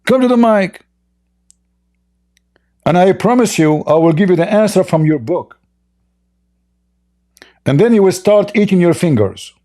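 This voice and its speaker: Male debate host, combative and mocking, pitched a bit high with a mellow tone. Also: expressive, normal speed, pauses often. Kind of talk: live online debate.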